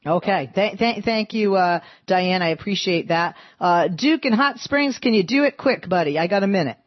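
A Boston woman hosts a call-in radio show, chatty and lively. Her voice is a bit husky and sits in a dry, close, slightly dull studio sound. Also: mid-range voice, no room sound. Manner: chatty, lively, quick asides. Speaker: radio talk show host.

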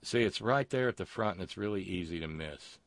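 A man's voice: low voice, brisk, gravelly, no room sound. A man hosting a casual talk show, telling stories with a sardonic edge. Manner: sardonic, animated storyteller. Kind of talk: casual radio banter.

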